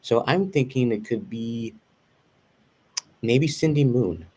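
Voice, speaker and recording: A man's voice: mid-range voice, animated, takes it slowly, dark tone, slight background noise. A man talking casually as a guest, rambling with lots of fillers and restarts. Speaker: guest reviewing a show. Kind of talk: casual conversation.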